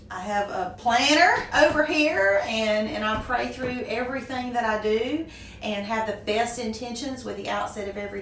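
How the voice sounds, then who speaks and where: A middle-aged woman with a Southern US accent talks about her business in a gracious, easy way, often breaking into laughter. She sits away from the microphone, so her voice carries an echo of the room. A faint hiss stays underneath. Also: on the high side. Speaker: guest, small business owner. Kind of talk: conversational interview. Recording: echoey room from a distance, faint noise.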